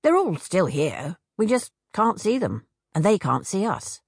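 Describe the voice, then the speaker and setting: A woman voicing an odd, talkative female hag from a storybook, rattling off brisk asides, with a gravelly, husky voice. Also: mid-range voice, big pitch swings, no room sound, clean studio sound, full character voice. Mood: breezy.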